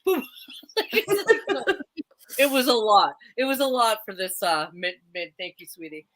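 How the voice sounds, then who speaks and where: Woman co-host, middle-aged, bright voice, animated storyteller. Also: mid-range voice, moderate pace. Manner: animated, laughs often, tells stories. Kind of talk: casual live chat.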